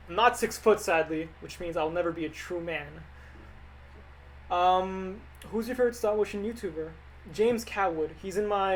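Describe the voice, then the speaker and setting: A man's voice: sits high, slight background noise, low-quality recording. Offhand young man chatting on a livestream. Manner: rambling, offhand, joking, with restarts. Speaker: animator streaming live. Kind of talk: casual livestream chat answering viewer questions.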